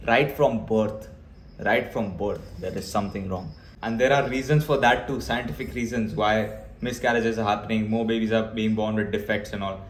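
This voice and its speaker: A young man delivers a blunt, emphatic rant straight to camera. His talk is full of fillers and restarts. The sound bounces around an echoey room with a faint hum behind him. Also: fairly low pitch. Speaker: vlogger.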